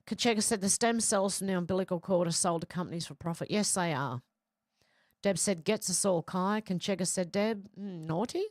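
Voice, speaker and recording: A middle-aged woman hosts a casual livestream, reading viewer comments aloud in a chatty way. Her fairly low voice moves at normal speed, recorded with clean studio quality and no echo.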